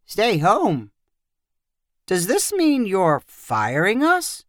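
A woman's voice: mid-range voice, wildly swooping pitch, very slow, dry recording, clean studio sound, exaggerated voice. A woman doing a mild old grandpa. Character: mild easygoing elderly grandfather.

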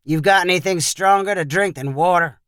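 A man's voice: high voice, brisk, fairly bright tone, clear, resonant tone, no echo, studio quality. A man reading the part of a rowdy, pushy young visitor who talks in a demanding, mocking way.

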